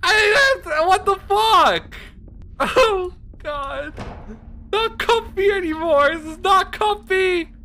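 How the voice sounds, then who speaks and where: Excitable swearing woman streamer, lively pitch. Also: takes it slowly, a little hiss or hum. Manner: excitable, swearing, laughing often. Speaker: game streamer. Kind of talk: live gameplay commentary. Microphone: headset.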